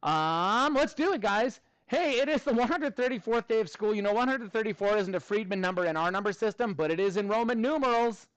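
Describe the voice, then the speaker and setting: A male math teacher with a notably high voice, recorded dry and close with almost no room sound. He runs his classroom in an upbeat, chatty way, slipping jokey asides in between the lesson steps. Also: lively intonation, brisk, few pauses, a bit bright, no room sound.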